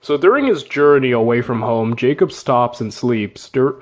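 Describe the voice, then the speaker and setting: A man's voice: medium pitch, animated, moderate pace. A man casually retelling an old story with jokes, slang and asides. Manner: joking, slangy, with fillers and laughs. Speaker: narrator.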